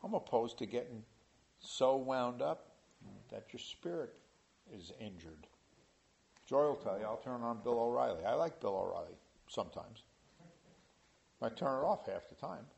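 A man preaching a sermon in an animated way, rising to loud emphasis. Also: medium pitch, moderate pace, vocal fry, pauses often, highs cut off. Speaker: pastor.

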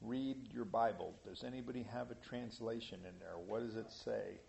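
Gravelly-voiced preacher man, lively. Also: fairly low pitch, moderate pace, slight background noise. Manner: animated, rising to loud emphasis. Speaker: pastor. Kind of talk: sermon.

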